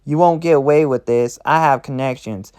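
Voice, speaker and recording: A man's voice: medium pitch, moderate pace, a little mellow, clean tone, natural voice. A man voicing a defiant, cornered woman superhero who snarls and swears.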